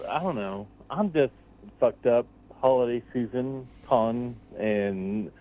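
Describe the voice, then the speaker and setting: A man's voice: mid-range voice, slow pace, mellow. A man from Texas, calling in to chat casually and rambling in a laid-back way. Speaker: caller. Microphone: phone call. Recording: tinny phone line.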